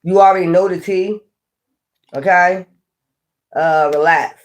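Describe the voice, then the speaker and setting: Casual tarot reader, blunt, slangy, laughs a lot, mid-pitched voice. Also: steady tone, slow pace. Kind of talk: casual tarot reading to viewers.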